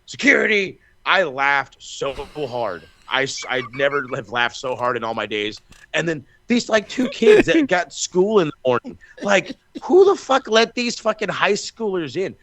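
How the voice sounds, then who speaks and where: A man co-hosting a wrestling podcast in casual chat, telling stories in an animated, profane way with lots of restarts. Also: a little high, unhurried. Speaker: podcast co-host.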